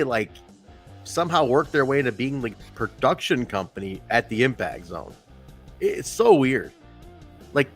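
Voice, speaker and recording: A man talks casually on a podcast, rambling and swearing freely and laughing along the way. His pitch sits mid-range but swings widely, and faint music plays underneath. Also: fairly bright tone. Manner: rambling, profane, laughs often. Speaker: podcast co-host. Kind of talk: casual wrestling review chat.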